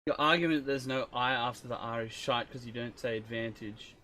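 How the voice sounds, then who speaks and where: A man's voice: medium pitch, brisk, background noise. A young Australian man reacting to an album on a livestream, swearing freely and bantering with his chat. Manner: profane, bantering with chat, laughs often.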